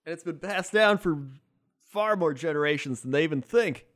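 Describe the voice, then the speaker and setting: A man co-hosting a comedy podcast, laid-back and quick to laugh. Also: a little high, lively intonation, a bit bright, no echo, studio quality. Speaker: podcast co-host. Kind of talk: casual comedy chat.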